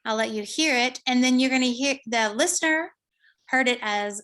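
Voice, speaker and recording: This is a female researcher at a conference podium, explaining what she found piece by piece, with lots of pauses and filler words. She has a high, somewhat bright voice.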